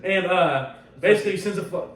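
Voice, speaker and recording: A man hosting a podcast, chatting casually in a loose, profane, animated way. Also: high-pitched, fast talker, distant mic. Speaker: podcast host. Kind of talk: casual chat. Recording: roomy echo, off-mic, faint ambience.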